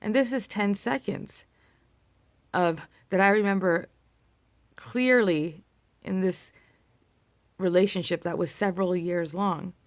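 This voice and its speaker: A woman talking earnestly and reflectively to camera, sharing a personal story with many pauses and fillers. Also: medium pitch, no echo. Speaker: vlogger sharing personal experience. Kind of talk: casual talk to camera.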